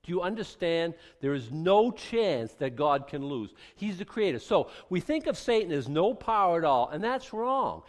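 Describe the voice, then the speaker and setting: A man preaching a sermon, wry and animated, acting out voices for God and the kings as he reads scripture. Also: on the high side, normal speed, few pauses, long reverb tail. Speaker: pastor.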